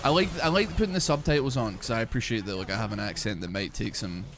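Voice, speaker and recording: A young man from Glasgow with a softened Scottish accent, chatting casually and profanely on a game stream, with lots of "like" and "man". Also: lowish voice, fast, slight background noise. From Glasgow, Scotland. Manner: rambling, profane, full of "like" and "man". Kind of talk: casual live-stream chat while gaming.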